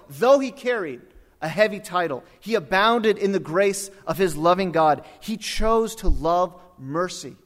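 A man delivers a sermon, rising to loud emphatic peaks and dropping to hushed, drawn-out phrases. His voice sits a little high. A long reverb trails behind him. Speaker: preacher. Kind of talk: sermon with storytelling.

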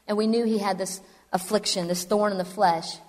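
A woman preaching a sermon to a women's gathering, animated and emphatic, swinging between loud and soft delivery. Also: mid-range voice, normal speed. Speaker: speaker at a women's event. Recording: long hall reverb.

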